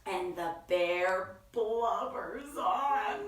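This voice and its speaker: A woman hosting a children's story time, reading picture books aloud in an expressive sing-song way with gasps and acted voices. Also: a little high. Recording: echoey room, from far off.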